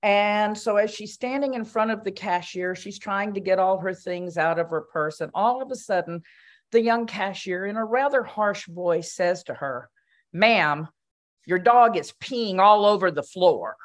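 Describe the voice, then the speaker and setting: A woman's voice: medium pitch, moderate pace. An older woman, a commission member, giving a spoken reflection at a meeting in a conversational storytelling way, with fillers and restarts.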